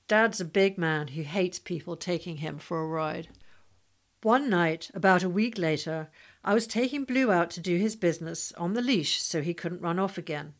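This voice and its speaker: A woman narrating a memoir-style story in a steady, storytelling manner. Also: on the low side, normal speed. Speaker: audiobook narrator. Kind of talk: scripted narration.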